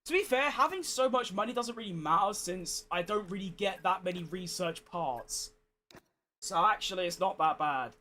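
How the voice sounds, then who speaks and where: A tired, hoarse gaming streamer, chatting casually and getting exasperated as he plays. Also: sits high, animated, normal speed, sharp tone. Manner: chatty, exasperated, swears freely. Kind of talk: casual gameplay commentary.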